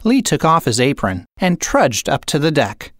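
A woman narrator reading a children's picture book aloud in an expressive, unhurried way. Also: low voice, no room sound, studio quality. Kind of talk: storybook read-aloud.

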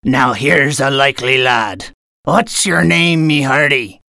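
A woman voicing a gruff, stern but kindly male pirate captain in a read-aloud storybook. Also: very deep voice, slow pace, bright, forceful tone, no echo, clean studio sound, exaggerated voice.

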